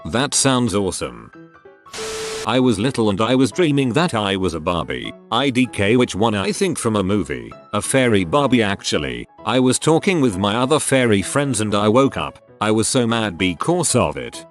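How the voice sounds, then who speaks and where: Low-voiced man reading stories aloud. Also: sing-song, moderate pace, faint music behind. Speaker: narrator reading online posts. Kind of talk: scripted narration.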